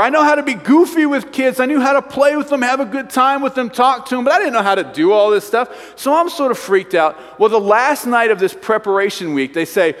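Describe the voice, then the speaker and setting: A man preaching a sermon, telling stories in an animated, self-mocking way. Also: high voice, a little fast, hardly any pauses. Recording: long hall reverb.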